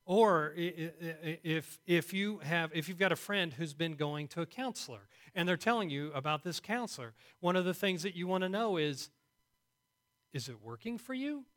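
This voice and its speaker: A man's voice: on the high side, normal speed, few pauses, fairly bright tone. A man preaching a sermon to a congregation in a conversational way, often asking them questions. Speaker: pastor.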